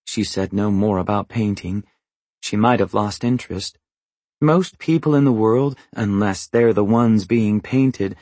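Low husky male audiobook narrator. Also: dry recording. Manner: even, understated, matter-of-fact. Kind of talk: first-person literary narration.

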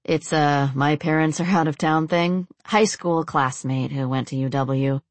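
A woman voicing a relaxed, teasing young man in a storybook reading, her voice dropped slightly lower. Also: unhurried, dry recording. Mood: easygoing.

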